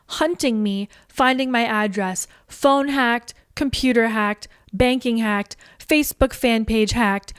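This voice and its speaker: A woman's voice: on the high side, clean tone. A woman telling her side of a personal feud straight to camera, blunt and indignant, often acting out what others said. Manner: indignant, blunt, quick to act out quoted voices. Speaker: online commentator. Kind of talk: direct-to-camera storytelling.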